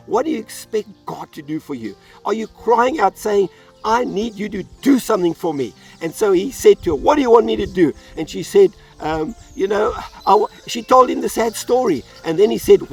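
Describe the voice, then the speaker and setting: A man's voice: high-pitched, big pitch swings, moderate pace, gravelly, breathy edge, recorded from a distance, faint music behind. A man pastor delivering an earnest sermon, telling a Bible story and acting out its voices. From South Africa.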